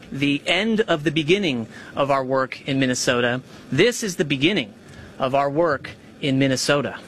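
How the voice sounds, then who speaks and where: Official guy reading a statement at a presser, measured, bit of background hiss. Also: mid-range voice, a bit bright. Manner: measured, emphatic. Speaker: government official at a press conference. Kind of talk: formal prepared statement.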